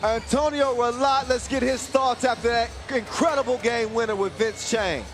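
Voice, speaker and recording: A man calling live basketball as play-by-play commentator, shouting hyped calls full of rhymes and wordplay. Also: very high voice, moderate pace, faint music behind.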